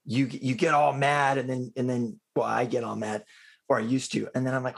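Casual male podcast guest, husky, anecdotal, animated. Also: mid-range voice, brisk. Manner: animated anecdotes with acted quotes. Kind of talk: casual storytelling chat.

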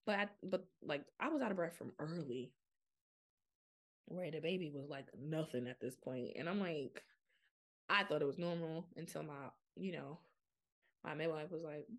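With a lowish, animated voice, this young woman talks to her podcast listeners at a normal pace, pausing often. Her monologue is frank and casual, packed with fillers and bits of quoted self-talk.

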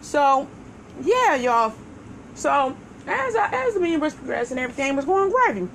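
A woman's voice: sits high, big pitch swings, moderate pace, gravelly, fairly bright tone, slight background noise, low-quality recording. A woman co-hosting a show, telling a story in casual chat with profanity and laughter. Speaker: podcast co-host.

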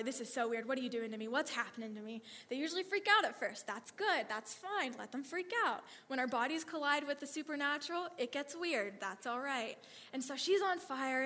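A woman telling animated ministry stories to a church audience, laughing often and acting out the lines of the people in her stories. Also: high-pitched. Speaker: speaker sharing ministry stories. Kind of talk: testimony storytelling to a church audience. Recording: long reverb of a hall.

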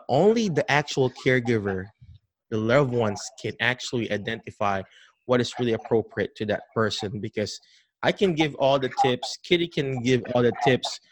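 A man talking as a guest on a podcast call about caring for people with dementia. His pitch swings up and down as he acts out little scenes. He often stops and restarts mid-sentence. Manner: animated, acts out caregiver greetings, many restarts. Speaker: dementia care educator, guest. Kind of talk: podcast interview.

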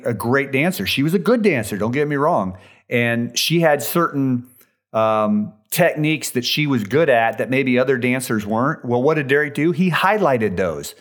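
Male solo host, mid-range voice, eager fan energy, loose and chatty. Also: mid-range voice. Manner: enthusiastic fan, chatty with fillers. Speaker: podcast host recapping a dance show. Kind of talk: casual solo recap.

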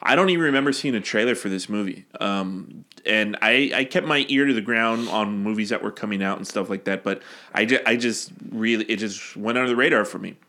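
A man's voice: lowish voice, brisk, pushed and bright. A man in his thirties co-hosting a movie podcast, easygoing in casual chat and recalling things in a rambling way. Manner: easygoing, affirming listener, rambling recollection. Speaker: podcast co-host.

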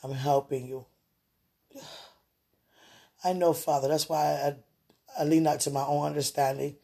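Gravelly husky woman praying on livestream. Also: deep voice, fairly even intonation, normal speed. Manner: talks aloud to God, swings between tearful and soft. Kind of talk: emotional livestream monologue and prayer.

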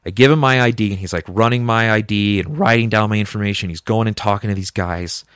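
A man, a podcast guest, telling a story in casual, animated talk full of fillers. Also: fairly low pitch, fast, clear, resonant tone, no echo, studio quality.

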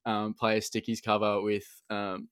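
A young Australian man hosting a podcast, telling an animated story with plenty of swearing and laughter. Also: fairly low pitch, moderate pace, clean tone, dry recording, studio quality. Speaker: podcast host. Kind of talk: casual chat.

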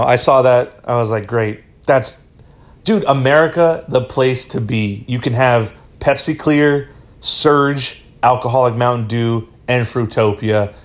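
Rambling, foul-mouthed podcast guy. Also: mid-range voice. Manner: rambling, profane, laid-back. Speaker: podcast host. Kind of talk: solo casual podcast rant. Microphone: phone.

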